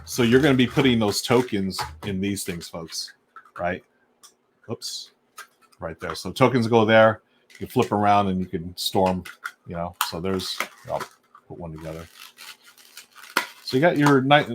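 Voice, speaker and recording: A man with a fairly low voice hosts a casual live stream from a home desk. He talks enthusiastically and loosely, greeting viewers and thinking aloud with fillers. He munches snacks between sentences. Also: measured pace, long pauses, slight background noise. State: munching snacks while talking. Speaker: host unboxing board games on a live stream. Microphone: desk microphone on a live stream.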